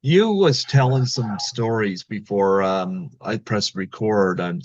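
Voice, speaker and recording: A man's voice: on the low side, slow pace, dry recording, dull audio. A male podcast host asking hesitant, fan-like interview questions with many fillers.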